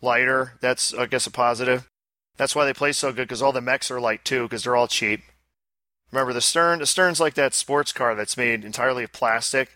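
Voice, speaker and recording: This man's medium-pitched, sharp-toned voice carries a rambling, joking podcast chat about pinball machines, full of quick asides. He's one of the co-hosts, and there's no echo.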